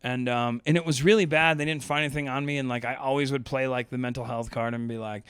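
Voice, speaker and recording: A man's voice: mid-range voice, fairly even intonation, fast talker, fairly bright tone, clear, resonant tone, no echo, studio quality. A young man casually telling a long personal story as a podcast host, rambling with lots of fillers and laughing as he goes.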